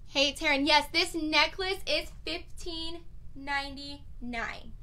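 A young woman chats through a live jewelry sale, high and bright in pitch. She sounds bubbly and laid back and fills her talk with ums and likes. Her speech stays casual and friendly to viewers. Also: slow. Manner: chatty, bubbly, laid back, lots of fillers. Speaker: online boutique host selling jewelry. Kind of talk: live sales video, casual chat.

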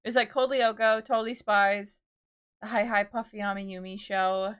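A woman's voice: mid-range voice, steady tone, moderate pace, a bit bright, smooth. A woman in her twenties, chatting casually with her viewers on a live stream. She rambles as she talks, with lots of "like" and "dude".

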